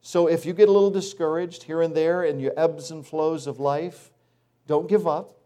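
A middle-aged male pastor preaching a sermon, animated and acting out complaining voices now and then. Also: on the high side, normal speed.

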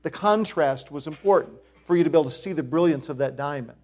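Middle-aged male pastor, sermon delivery, slightly higher voice, emphatic rises on key points. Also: fast talker, darkish tone. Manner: emphatic preaching, rises in pitch and volume on key phrases.

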